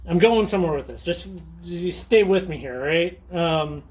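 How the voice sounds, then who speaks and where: A man's voice: on the high side, lively intonation, moderate pace, darkish tone, slight background noise. A man hosting a casual show-and-tell vlog who talks in a chatty, enthusiastic way, with frequent ums and little laughs. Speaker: rockhounding channel host.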